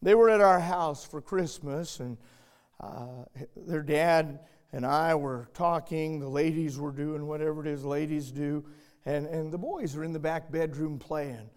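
Slow-speaking older male pastor preaching. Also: on the high side, smooth. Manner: emphatic, swinging from loud to hushed. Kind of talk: sermon with storytelling.

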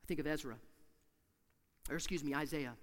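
A man preaching a sermon in a church, emphatic and repetitive, swinging from hushed to loud. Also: fairly high pitch, a little fast, big-room sound.

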